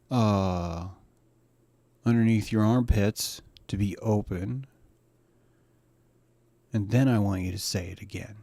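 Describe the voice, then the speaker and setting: A man's voice: fairly low pitch, darkish tone, no room sound. Rambling, profane man cracking himself up. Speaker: host. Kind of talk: rambling comedic monologue.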